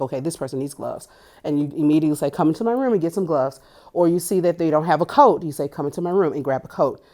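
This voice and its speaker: A woman from Tennessee who works as a school family and community liaison, answering interview questions with careful, clearly enunciated speech. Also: sits low, dark tone.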